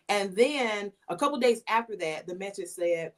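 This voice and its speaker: A woman appears as an interview guest, telling a personal story casually and animatedly and acting out the lines she quotes. Her voice is mid-range and her speed normal.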